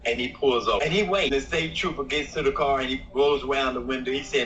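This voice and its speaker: A man's voice: medium pitch, fast talker, a bit bright. A man telling a joke in an easygoing, informal way during a casual group video call. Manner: easygoing storyteller, informal grammar. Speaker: guest. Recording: distant video call audio, faint hiss.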